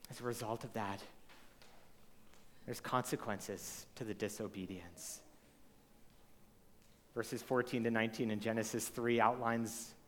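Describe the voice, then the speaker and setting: A man's voice: lowish voice, steady tone, unhurried, long pauses, fairly bright tone, slight background noise. A male pastor preaching a sermon to a live congregation, talking conversationally and asking the room questions. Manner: conversational, asks the audience rhetorical questions. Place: church hall with a live congregation. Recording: long reverb of a large hall.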